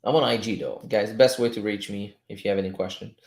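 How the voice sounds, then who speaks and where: A man whose first language is French, chatting casually as a trading coach while he reads charts live, loose-tongued and quick to chuckle. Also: on the low side, fairly even intonation, darkish tone. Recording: roomy echo.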